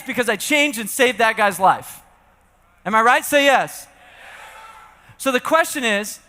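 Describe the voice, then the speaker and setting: A man giving an energetic sales keynote on stage, telling stories with acted-out dialogue and rallying the audience to join in. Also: extremely high pitch. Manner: animated storyteller who acts out dialogue and rallies the audience. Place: large event hall on stage. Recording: long reverb of a large hall.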